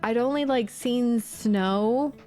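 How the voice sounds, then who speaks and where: A woman's voice: a little high, slow pace, a little mellow, soft background music. A woman in her thirties giving casual, giggly let's play commentary and reading game text aloud. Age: 30s. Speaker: gamer.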